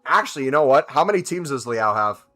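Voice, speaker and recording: While playing a video game on a live stream, this man chats casually and responds to viewer questions. His medium-pitched voice is fast, a bit bright and lively in intonation, with faint music behind him.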